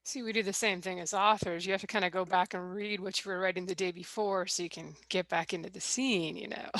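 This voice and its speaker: A woman author interviewing a guest in casual conversation, friendly and quick to laugh. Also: lowish voice, steady tone, a bit bright, no echo, low-quality recording.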